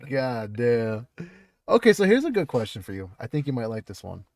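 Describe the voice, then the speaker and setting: A man's voice: mid-range voice, big pitch swings, moderate pace. A man hosting a casual interview over a video call, laughing often and talking loosely with plenty of fillers and swearing. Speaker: podcast host.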